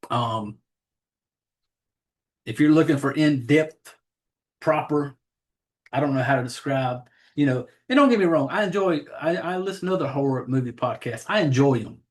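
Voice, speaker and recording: A man's voice: mid-range voice, animated, moderate pace, pauses often. This is a Southern-accented man hosting a horror movie podcast, a parent with a child of his own. He talks in loose, profane, rambling casual chat, stumbling over names and laughing at himself as he goes. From Southern United States. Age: adult, has a child. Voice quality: rambling, profane, self-deprecating about names.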